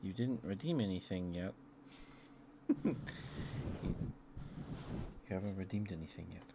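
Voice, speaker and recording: A man streaming ASMR, talking softly and affectionately to his viewers into a close microphone. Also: deep voice, unhurried, very noisy. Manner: soft, affectionate murmuring to viewers. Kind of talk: ASMR livestream chat.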